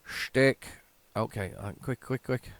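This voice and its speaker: A man giving casual, excitable, self-mocking commentary while playing an old computer game. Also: mid-range voice, slow, background noise. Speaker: retro game tape reviewer.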